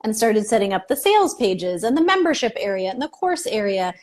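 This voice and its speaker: A woman guest on a video-call interview, upbeat and clear as she explains how she helps her clients. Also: medium pitch, big pitch swings, a little fast, a little mellow. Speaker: business mentor guest. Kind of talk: casual interview chat.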